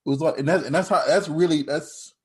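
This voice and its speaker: A man's voice: on the high side, brisk. A man hosting a podcast in casual chat, rambling with frequent restarts and laughing as he talks. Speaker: podcast host.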